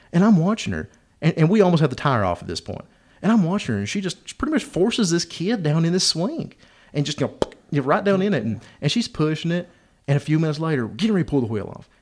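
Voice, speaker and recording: A man's voice: on the high side, a little mellow. Guy spinning a yarn on his podcast, voice bounces all over, laughs a lot. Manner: rambling, laughs often, plays up the joke. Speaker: podcast host. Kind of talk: casual storytelling.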